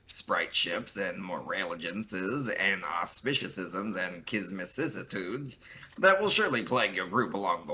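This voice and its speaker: A man's voice: low voice, animated, measured pace, sharp tone, a little hiss or hum. A man streaming, reading a webcomic aloud with casual asides and stumbling over odd words.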